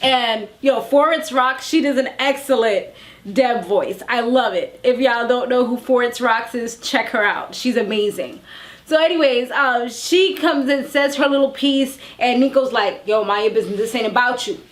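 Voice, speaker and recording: A woman's voice: fairly high pitch, unhurried. A woman reviewing a reality TV episode in a casual, chatty, slangy recap.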